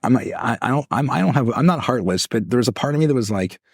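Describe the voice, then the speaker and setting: A man co-hosting a podcast as a life coach, telling a long story in an animated way, acting out voices and laughing often. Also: mid-range voice, fast, creaky, husky, no room sound, studio quality. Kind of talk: casual storytelling chat.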